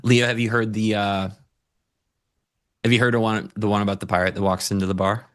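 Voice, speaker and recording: A man's voice: fairly low pitch, little pitch movement, a little fast. A man co-hosting a live trading stream in casual banter, joking and playful, fond of dad jokes. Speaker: co-host and futures trader.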